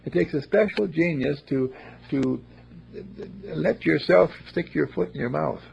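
A man talking in a playful, rambling, repetitive way in casual storytelling, with a gravelly, raspy voice. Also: a little high, measured pace, darkish tone, highs cut off, a little hiss or hum.

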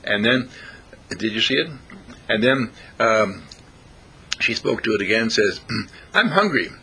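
Gravelly, playful man telling stories. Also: lowish voice, measured pace, pushed and bright, a little hiss or hum. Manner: rambling, playful, clears throat often. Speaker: speaker. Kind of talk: casual storytelling talk.

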